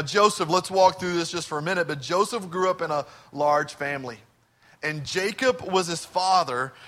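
A man's voice: a little high, a bit bright. A middle-aged man, a pastor, preaching a sermon in a church in a conversational, joking way. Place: church sanctuary.

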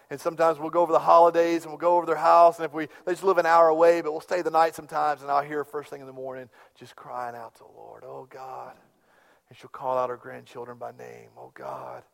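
A middle-aged man preaching a sermon as a pastor, telling stories with big swings from hushed to loud. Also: on the high side, creaky. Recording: long hall reverb.

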